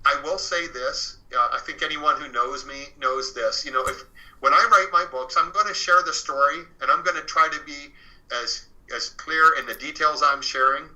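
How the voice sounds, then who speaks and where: A man's voice: a little high, normal speed, bright, forceful tone, highs cut off. A man talking as an author and interview guest, telling his story in earnest, with many fillers and restarts.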